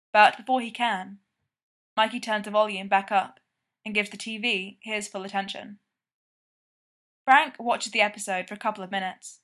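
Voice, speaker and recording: A woman reads a story aloud in an easy, conversational way, as if telling it to a friend. Her voice sits at a middle pitch for a woman. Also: fairly bright tone. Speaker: reader. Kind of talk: fan fiction read aloud.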